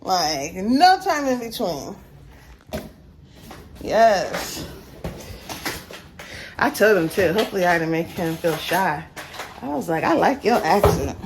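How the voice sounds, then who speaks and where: A woman's voice: on the low side, very animated, slow pace, long pauses, noisy background. Chatty, sweaty woman vlogging at home. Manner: chatty, laughs often, talks to viewers as y'all. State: sweaty from yard work. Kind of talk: casual chatty vlog. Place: at home, in the backyard and indoors.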